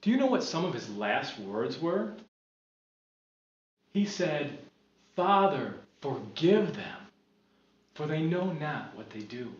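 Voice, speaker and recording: An earnest, gentle apostle, played by a man in a church skit, who speaks slowly and consoles others. The voice sits fairly high and sounds a little dull, in a roomy space with faint ambience behind it. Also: very animated. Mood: fervent.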